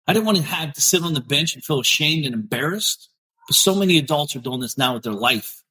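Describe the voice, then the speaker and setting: A man's voice: fairly high pitch, lively intonation, fairly quick, bright, forceful tone, breathy edge, rough recording. A middle-aged man hosting a podcast, giving blunt, fired-up motivational talk and repeating phrases for emphasis. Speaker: podcast host. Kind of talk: motivational live talk, reading viewer comments.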